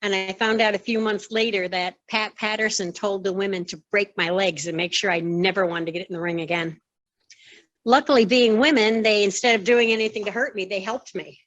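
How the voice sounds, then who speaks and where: Older woman telling a lively story. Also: medium pitch, a little fast, lo-fi sound. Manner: lively storyteller who acts out quoted dialogue. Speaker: former wrestling referee, interview guest. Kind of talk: conversational storytelling.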